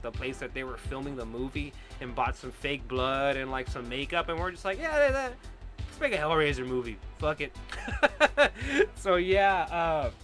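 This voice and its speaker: A young man from Texas hosting a podcast, ranting about bad horror movies in a casual, profane, animated way. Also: medium pitch. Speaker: podcast host. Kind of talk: casual movie review rant. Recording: music playing under the voice.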